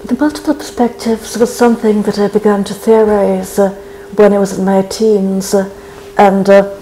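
A guest poet in their forties from Trinidad answers interview questions at a college, speaking slowly, thoughtfully, and in a measured way with frequent hesitations and thinking pauses. The medium-pitched voice is flat and even, soft and dark in tone. The recording is rough, with slight background noise.

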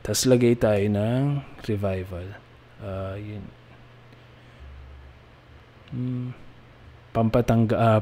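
A deep-voiced man from the Philippines explains his audio edit step by step, speaking softly and thinking aloud as he clicks. His tone is dark and mellow, with a faint hiss of noise under the voice. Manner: quiet, relaxed, thinking aloud while working. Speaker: audio editing tutor. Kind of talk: screen-recorded editing tutorial.

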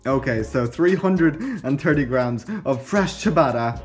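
A man's voice: medium pitch, animated, unhurried. Jokey young man vlogging with faint music. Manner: jokey banter with himself, sudden loud outbursts. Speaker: food vlogger. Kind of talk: casual vlog talk.

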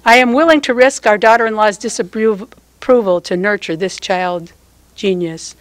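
An older woman reads her own prose poem at a standing microphone, taking her time over each phrase with a tender, measured touch. Her voice sits at an ordinary middle pitch, and the sound is close and dry, with almost no room around it. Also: steady tone, no echo. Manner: slow, measured, tender delivery. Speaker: poet. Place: public poetry reading.

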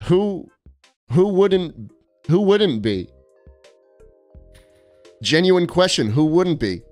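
Young male streamer, joking and sarcastic, animated delivery, faint background music. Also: sits high, very slow. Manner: sarcastic, joking, mock-arrogant. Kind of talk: casual live-stream chat reading viewer postcards.

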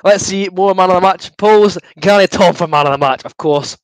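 A Scottish man hosting a live football watchalong, excitable and chatty, cheering, laughing and talking to his viewers over a desk microphone. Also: sits high, normal speed, no room sound, low-quality recording. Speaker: livestream host.

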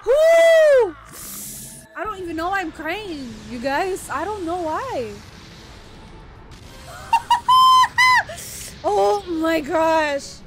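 A woman hosting an anime reaction video, giving live commentary in an excitable way, exclaiming and laughing often. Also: very high voice, drawn-out words, pauses often, over loud music.

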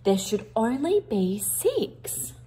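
A fussy young dog, anxiously counting and recounting his toys, as a woman reading a storybook puts him on. His voice is high and bounces up and down, and he speaks slowly and carefully. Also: very animated, warm tone. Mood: puzzled. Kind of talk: picture book read-aloud.

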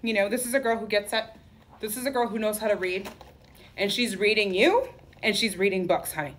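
Sassy woman pitching clothes live. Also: a little fast, slight background noise. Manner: sassy, campy, peppers lines with "okay?" and "honey". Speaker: boutique owner selling clothes on a livestream. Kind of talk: live-sale fashion patter. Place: clothing store.

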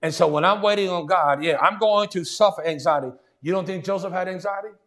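A man's voice: high voice, fairly quick, fairly bright tone. A man preaching a sermon in a conversational way, often saying "see" and "watch this" and restarting his sentences. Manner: frequent restarts and stammered repeats.

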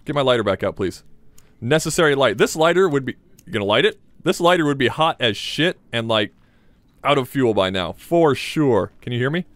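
A young man giving joking, excitable commentary while playing a survival horror game, talking to his viewers and swearing when startled. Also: medium pitch, brisk, no room sound. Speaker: gaming channel host.

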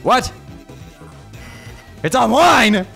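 A man casually reading AI-written game dialogue aloud and reacting, laughing often and swinging between deadpan reading and loud outbursts. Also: very high voice, very slow, gravelly, slightly rough, soft background music.

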